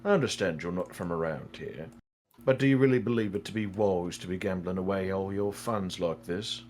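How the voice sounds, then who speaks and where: A man's voice: low-pitched, pitched below the performer's own voice, natural voice. A man playing a courteous, lecturing adventurer. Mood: cautioning. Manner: measured, courteous, gently lecturing. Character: calm, worldly adventurer man giving advice.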